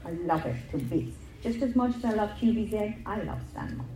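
A woman's voice: medium pitch, expressive, fairly quick, mellow, roomy sound, low-quality recording. A middle-aged woman giving an earnest religious talk, telling stories and repeating words for emphasis. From England. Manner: earnest storytelling with emphatic repetition. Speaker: religious speaker.

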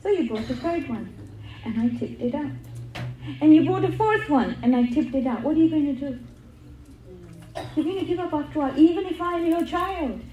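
A woman's voice: high-pitched, animated, moderate pace, pauses often, mellow, echoey room, lo-fi sound. A middle-aged woman giving an earnest religious talk, telling stories and repeating words for emphasis. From England. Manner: earnest storytelling with emphatic repetition. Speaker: religious speaker.

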